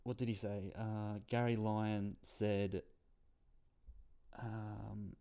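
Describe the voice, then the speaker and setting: A man's voice: lowish voice, flat delivery, drawn-out words, gravelly, dark tone, clear, resonant tone. A young Australian man giving a casual, rambling footy commentary, swearing freely and sometimes losing his train of thought. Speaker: footy tipping vlogger.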